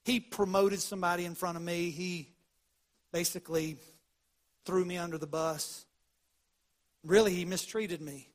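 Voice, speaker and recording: A man with a high-pitched voice preaches a sermon as the congregation's pastor. He tells homespun stories and drops into hushed tones for the key points. His delivery swings between loud bursts and quiet moments. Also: steady tone, measured pace, pauses often.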